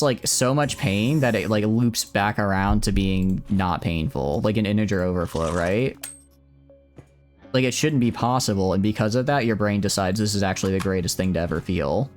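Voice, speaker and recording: A man giving casual live-stream commentary over a video game, rambling through joking asides and swearing a lot when frustrated. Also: lowish voice. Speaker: gaming streamer. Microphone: streaming mic set to cap loud shouts.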